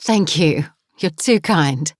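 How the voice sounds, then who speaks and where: A woman's voice: low-pitched, expressive, slow, no echo, clean studio sound, heavily acted. A woman voicing Maggie, a worried middle-aged mother who speaks tenderly and anxiously.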